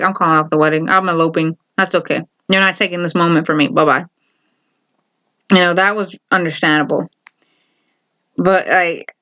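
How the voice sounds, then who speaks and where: A young woman giving her opinion in casual vlog chat, animated and often exclaiming. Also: fairly low pitch, clear, resonant tone. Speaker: vlogger. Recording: dull lo-fi recording.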